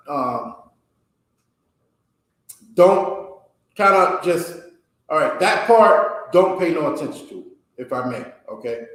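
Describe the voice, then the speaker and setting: A man teaching a class, reading a text aloud and explaining it, often checking with a quick "okay?". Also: fairly high pitch, fairly bright tone. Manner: slow, ends phrases with a checking "okay?". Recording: very echoey room.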